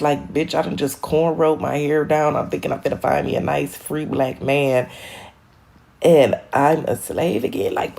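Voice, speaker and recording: A young woman from Michigan chatting on a live stream, rambling, animated and profane, laughing at her own jokes. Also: deep voice, vocal fry. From Michigan, USA. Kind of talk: casual live-stream chat.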